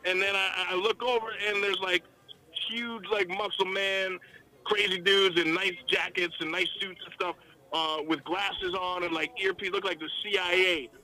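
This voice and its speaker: A man telling stories as a country singer guest in a casual podcast chat, excitable and slangy with lots of restarts. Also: sits high, moderate pace, rough recording.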